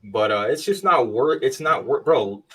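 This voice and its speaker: A man's voice: mid-range voice, lively intonation, moderate pace, fairly bright tone, breathy edge, far from the mic. A man hosting a casual gaming podcast, talking bluntly and emphatically with plenty of swearing. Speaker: podcast host.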